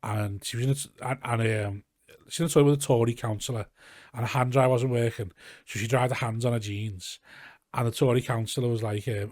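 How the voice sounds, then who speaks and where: A man's voice: medium pitch, steady tone, fairly quick, darkish tone, no room sound, studio quality. A man with a Scouse accent, a comedian guest on a casual podcast, telling rambling, sweary anecdotes and acting out what people said. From Liverpool, England. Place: garage.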